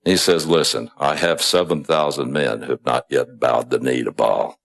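A man's voice: rumbling low, steady tone, moderate pace, gravelly, a bit bright. A man preaching a sermon, retelling a story in a conversational way with asides and small chuckles.

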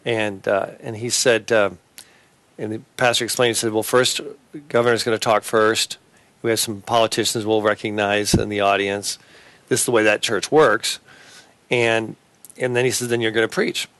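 A man hosting a Christian talk show and preaching, speaking in a halting way with many fillers and restarts. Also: on the low side, level tone, a bit bright, no echo.

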